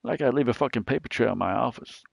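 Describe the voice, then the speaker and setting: A man voicing a gruff middle-aged male mob boss while reading game dialogue aloud, attempting an Italian accent. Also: mid-range voice, lively intonation, quick pace, no room sound, studio quality, heavily acted. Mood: grim.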